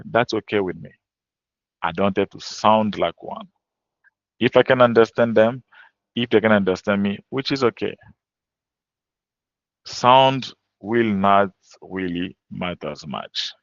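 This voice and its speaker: A man's voice: lowish voice, measured pace, dry recording, highs cut off. A native French-speaking man teaching French in a webinar, giving plain advice in short, repetitive instructions. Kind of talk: webinar lecture.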